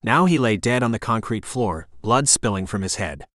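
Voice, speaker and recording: A male audiobook narrator with a lively, animated pitch who tells a crime story tensely and dramatically. The recording is dry and close, on a studio mic. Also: moderate pace, no room sound. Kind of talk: scripted narration.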